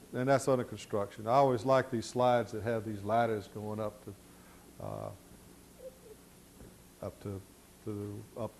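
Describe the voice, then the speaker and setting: A middle-aged man telling folksy stories during an architecture slide lecture, halting with many fillers. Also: lowish voice, a little mellow. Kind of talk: storytelling lecture.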